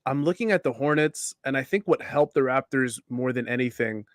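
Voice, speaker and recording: A man's voice: medium pitch, a little fast, dry recording, clean studio sound. A man hosting a casual sports talk show, chatting with his co-hosts, laughing often and reading viewer comments aloud. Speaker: podcast host.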